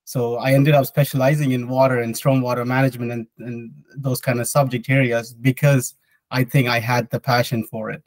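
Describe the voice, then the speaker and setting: A man's voice: medium pitch, level tone, brisk, no room sound, poor audio. A young man, an engineer, answering interview questions in a sincere, reflective way. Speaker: hydrological engineer and board member.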